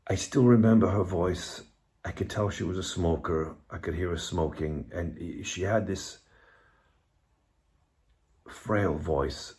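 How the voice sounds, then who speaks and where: A bereaved father speaking in a personal video monologue from the hallway of his home, halting and reflective, with restarts and pauses. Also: on the low side, darkish tone.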